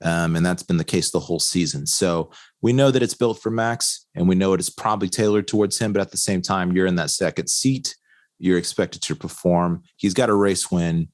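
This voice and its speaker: A man co-hosting a racing podcast, talking casually with lots of fillers and quick laughs. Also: sits low, no echo, studio quality. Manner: rambling, laughs often, many fillers. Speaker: podcast co-host. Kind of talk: casual chat.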